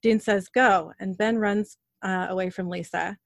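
Woman host narrating a show recap, middle pitch, dry close mic. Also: steady tone, normal speed, vocal fry, no echo. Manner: chatty, plain storytelling. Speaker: podcast host recapping a TV episode.

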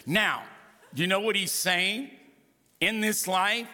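A male pastor speaks slowly in a high-pitched voice, leaving long pauses, as he preaches a sermon of funny stories. He is animated and humorous, making asides to the congregation, and the hall is reverberant.

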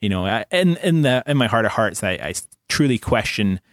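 A man's voice: fairly low pitch, very animated, no echo. A man co-hosting a casual podcast for a game studio, talking with restarts and filler words. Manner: quick, wordy, hesitant with restarts.

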